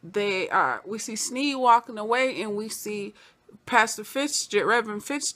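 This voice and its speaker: Woman, TV episode reviewer, animated recap, acts out lines in character voices, slightly high voice. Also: moderate pace. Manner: acts out scenes in quoted voices.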